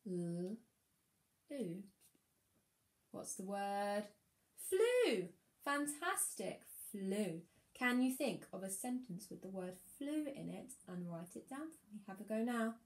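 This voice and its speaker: A woman teaching a phonics lesson to young children, encouraging them and sounding out words slowly. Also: medium pitch, expressive, a little mellow, echoey room. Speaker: primary school teacher.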